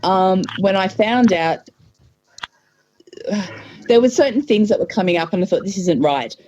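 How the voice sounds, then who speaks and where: A woman guest telling a personal story hesitantly, with many pauses and ums, over a muffled line. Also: mid-range voice, a little mellow. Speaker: podcast guest. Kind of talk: personal story in casual talk.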